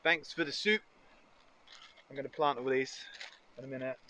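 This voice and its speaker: A man's voice: medium pitch, steady tone, normal speed, pushed and bright, slight background noise. A man chatting casually and cheerfully while cooking outdoors for a foraging vlog. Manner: chatty, upbeat, muses aloud. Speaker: foraging vlogger. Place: outdoors in nature.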